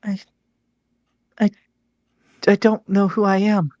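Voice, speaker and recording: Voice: mid-range voice, level tone, slow pace, a little mellow, no room sound, lo-fi sound, pitched above the performer's own voice, natural voice. A game master voicing a stammering lost ghost knight. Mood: lost, pleading. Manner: stammering, hesitant. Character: confused amnesiac ghost knight in plate armor.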